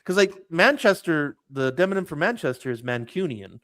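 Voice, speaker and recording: A man's voice: a little high, animated, moderate pace, fairly bright tone, no room sound. A man tells a loose travel story on a casual podcast. He wanders, restarts and fills his talk with "like." The sound is dry, with little room around it. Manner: rambling storyteller, many restarts and "like"s. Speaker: podcast host. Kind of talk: casual chat.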